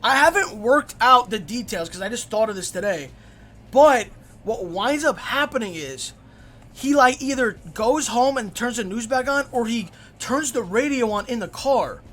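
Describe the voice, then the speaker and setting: Brief: young male streamer, excitable and foul-mouthed, rambling storyteller on a desk mic. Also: extremely high pitch, normal speed. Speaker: live streamer. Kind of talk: casual live-stream storytelling.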